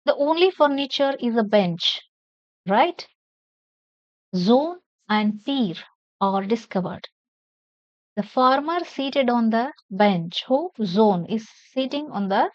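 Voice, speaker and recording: A woman's voice: fairly high pitch, dry recording. A woman, teaching a class: she explains a play line by line in simple words and spells out names. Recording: dull lo-fi sound.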